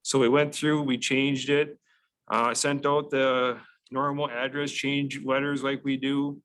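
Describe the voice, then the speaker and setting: A man's voice: medium pitch, level tone, measured pace, a bit bright, low-quality recording. Methodical man explaining at a meeting. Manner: methodical, many fillers and restarts. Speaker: county staff presenting to a committee.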